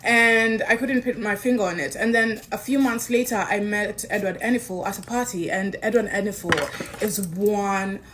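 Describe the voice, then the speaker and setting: A young woman in her twenties, an influencer, telling a personal story with animated, swinging delivery. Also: medium pitch, moderate pace. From Kenya. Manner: animated, swings between excited and subdued.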